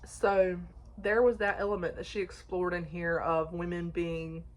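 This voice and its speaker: A woman talks casually through her recent reads. Her voice sits a little low, and she rambles, backtracks and restarts her sentences as she goes. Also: little pitch movement, measured pace, a little hiss or hum. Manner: chatty, frequent restarts and fillers, laughs often. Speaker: book reviewer. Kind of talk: casual book review chat.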